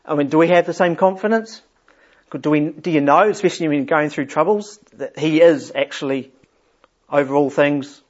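A man's voice: fairly high pitch, normal speed, highs cut off. A man leading an informal Bible study for a group, chatty and often chuckling as he explains a psalm.

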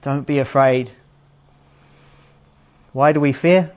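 A man preaching a sermon in a plain, unhurried teaching manner, asking his listeners questions. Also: medium pitch, steady tone. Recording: slightly dull, lo-fi sound.

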